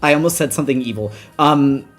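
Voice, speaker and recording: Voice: medium pitch, fast, faint music behind. Chatty young adult host, rambling. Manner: rambling, laughs often, lively asides. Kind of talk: casual chat.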